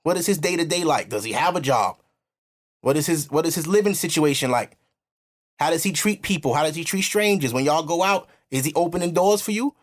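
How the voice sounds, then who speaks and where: A young man hosting a casual podcast, lecturing bluntly and slipping into high mocking voices when he quotes people. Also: lively intonation, fairly quick. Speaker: podcast host.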